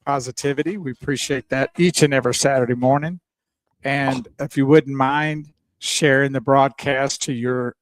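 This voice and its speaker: A man's voice: medium pitch, no echo. A man co-hosting a radio talk show, chatting with his partner and walking listeners through steps. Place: radio studio.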